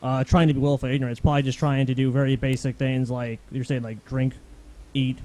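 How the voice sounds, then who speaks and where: A man's voice: medium pitch, level tone, quick pace, a little mellow. A man co-hosting a podcast, joking and chatty in casual talk. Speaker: podcast co-host.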